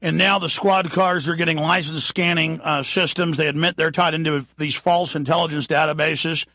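A man's voice: on the high side, fairly even intonation, normal speed, sharp tone, no echo, highs cut off. A man hosting a talk radio show, speaking in an emphatic, indignant rant. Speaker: radio host.

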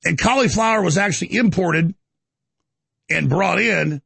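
A man's voice: high voice, unhurried, gravelly, fairly bright tone, slightly rough, dry recording. A male talk show host ranting sarcastically, with mocking asides and stammered restarts. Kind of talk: ranting talk radio monologue.

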